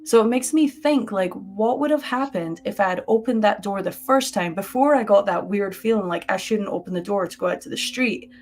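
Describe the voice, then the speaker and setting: Woman, stream co-host, animated and chatty, full of "like" fillers, webcam sound, mid-pitched voice. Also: a little fast, few pauses. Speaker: podcast co-host. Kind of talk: casual live-stream storytelling. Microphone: webcam on a live stream.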